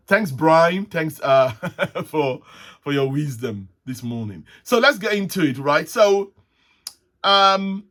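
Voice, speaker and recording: A man hosting a casual solo talk show, rambling and halting, with frequent restarts and soft chuckles. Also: on the high side. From Nigeria. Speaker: host. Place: at home, with tea.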